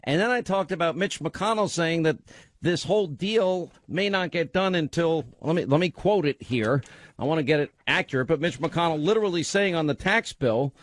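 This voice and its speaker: A middle-aged man hosting a call-in radio show from a studio, talking in a forceful, frustrated way. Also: a little high, lively intonation, moderate pace. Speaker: radio talk show host.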